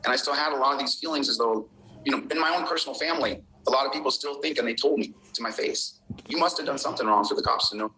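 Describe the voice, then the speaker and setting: A man's voice: mid-range voice, very fast, pushed and bright, rough recording. A man speaking candidly and earnestly as an interviewee in a played clip. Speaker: filmmaker guest in an interview clip.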